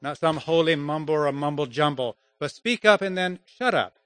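A man teaching grammar and public speaking in an informal lesson, halting and restarting often, with chuckles between points. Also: a little high, lively intonation, fairly bright tone, dry recording.

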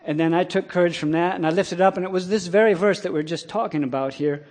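A middle-aged man preaching a sermon, telling a personal story in a plain way and breaking into loud, impassioned scripture quotes. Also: high voice, fast, hardly any pauses. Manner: rises to loud impassioned preaching, then drops to quiet storytelling.

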